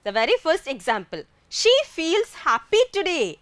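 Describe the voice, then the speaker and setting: A woman's voice: high-pitched, sing-song, moderate pace, no room sound, clean studio sound. A woman with an Indian English accent teaching a grammar lesson, asking questions and answering them herself.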